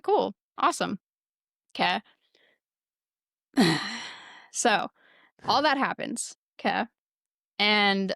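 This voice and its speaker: A woman podcast host telling a casual story with lots of swearing, lively and laughing as she goes. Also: mid-range voice, gravelly, dry recording, clean studio sound. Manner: profane, lively, laughs while telling stories. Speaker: former military security forces sergeant.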